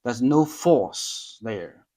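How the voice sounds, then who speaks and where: Slow, hesitant man explaining. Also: mid-range voice, lively intonation, dark tone. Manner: slow, hesitant, many ums and restarts. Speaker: language learner reviewing lessons. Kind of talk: casual self-study explanation.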